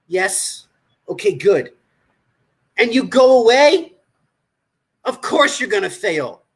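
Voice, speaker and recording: Blunt, husky-voiced man coaching. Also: high-pitched, sharp tone. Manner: blunt, profane, scolding. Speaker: nutrition coach. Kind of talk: livestream coaching talk.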